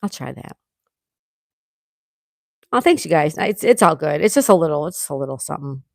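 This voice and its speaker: A woman with a deep, darkish voice and some vocal fry hosts a casual morning livestream, chatting with viewers while nursing a sore throat. She reads their comments aloud at a normal speed, her intonation lively, laughing often as she goes. The recording is studio quality with no echo.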